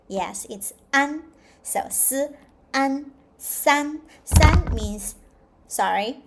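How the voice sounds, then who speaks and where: A woman teaching a slow, patient language lesson, repeating each sound clearly for learners. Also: sits high. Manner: drawn-out, repeated model pronunciations. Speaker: Chinese teacher.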